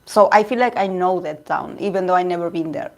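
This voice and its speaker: A woman's voice: on the low side, brisk. A woman from Argentina with an Argentine Spanish accent, a Spanish native speaker chatting casually and rambling with viewers on her tarot livestream. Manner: chatty and rambling, with frequent laughs and restarts. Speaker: tarot reader and channel host.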